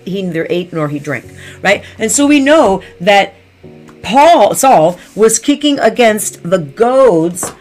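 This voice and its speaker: A woman delivers a sermon at a mid-range pitch, coming back to the same lines over and over. She keeps checking in with her listeners as she goes. Faint music plays quietly underneath. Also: big pitch swings, takes it slowly. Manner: repeats key phrases, checks in with listeners. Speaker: preacher.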